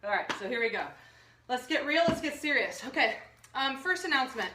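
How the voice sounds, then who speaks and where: A woman's voice: sits high, expressive, brisk, reverberant, far from the mic, background noise. A woman nutritionist hosting a live online health workshop, bubbly, jokey and full of energy. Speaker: nutritionist host. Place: room under bright lights.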